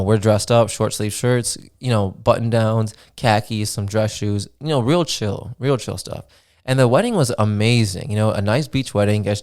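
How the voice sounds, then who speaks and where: A young man hosting his own podcast, telling a travel story in a relaxed, casual way, full of fillers and swearing. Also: fairly low pitch. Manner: laid-back, swears freely, many fillers like "dude" and "man". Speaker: podcast host.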